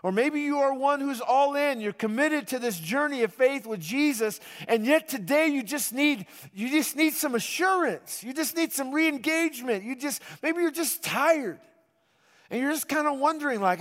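High-voiced pastor preaching in a hall. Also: male voice, lively intonation, moderate pace. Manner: conversational, repeats and restarts, calls for congregation response. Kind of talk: sermon. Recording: reverberant hall.

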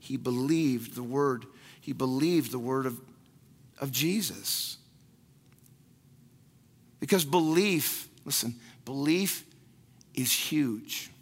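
A pastor with a mid-range voice preaches slowly, pausing often, speaking emphatically and repeating key phrases. He acts out prayers and the words of others, and long hall reverb surrounds him.

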